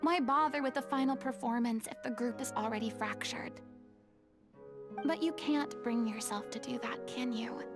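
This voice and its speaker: A woman's voice: fairly high pitch, moderate pace, close to an everyday voice. An actress voicing a young woman who firmly lectures a quarreling stage troupe in a game scene. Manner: firm, lecturing. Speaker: troupe mediator. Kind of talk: game voice acting. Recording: game music underneath. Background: music.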